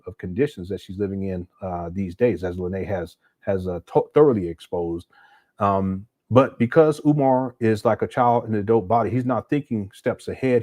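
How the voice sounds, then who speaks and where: A man's voice: fairly low pitch, mellow, no echo. A man hosting a livestream, giving blunt, critical commentary and answering viewer chats, often restarting his sentences. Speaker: host.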